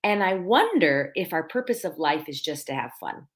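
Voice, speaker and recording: A middle-aged woman hosts a live podcast in an animated, swinging voice. She keeps circling back to the same lines for emphasis. A light laugh slips in now and then as she talks. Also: low-pitched, normal speed. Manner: animated, repeats phrases for emphasis. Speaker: podcast host.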